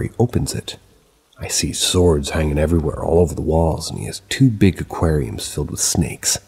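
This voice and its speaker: A man calmly narrating a true paranormal story in a steady storytelling manner. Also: very deep voice, creaky, breathy edge. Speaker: narrator of submitted paranormal stories.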